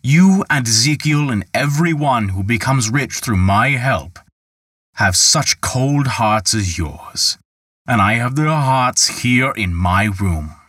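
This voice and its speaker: A man's voice: mid-range voice, sing-song, measured pace, fairly bright tone, dry recording, studio quality. A man voicing a sly, greedy male raftsman who deals in magic, talking in a smug, coaxing way.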